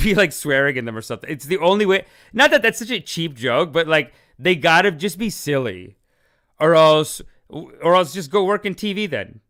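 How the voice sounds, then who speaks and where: A man's voice: a little high, fairly bright tone. Rambling jokey male podcast host. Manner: rambling, jokey, swears, laughs often. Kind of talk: casual chat.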